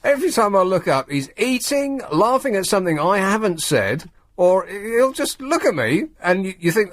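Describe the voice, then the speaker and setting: A man holds forth on talk radio with a sardonic, grumbling wit. His pitch swoops lively up and down as he mocks his subject. The studio sound is dry and close. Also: normal speed, no room sound. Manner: sardonic, grumbling, mocking asides. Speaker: radio show host. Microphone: studio microphone.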